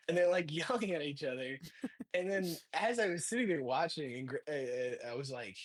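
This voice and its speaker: A man, a stand-up comedian guest, telling an animated story with laughs and acted-out quotes. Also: fairly high pitch, a little fast. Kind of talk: casual storytelling.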